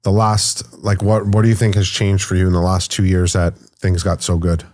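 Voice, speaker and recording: Blunt, swearing New man, low voice. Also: monotone, moderate pace, darkish tone, dry recording, studio quality. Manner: blunt, swears freely, tells stories animatedly. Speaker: podcast host. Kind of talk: casual interview chat.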